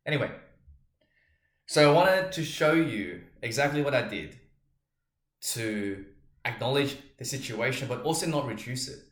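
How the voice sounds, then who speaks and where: A man hosting a solo podcast as a coach, talking in an earnest, reflective way and explaining slowly with examples. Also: medium pitch, fairly bright tone, roomy sound.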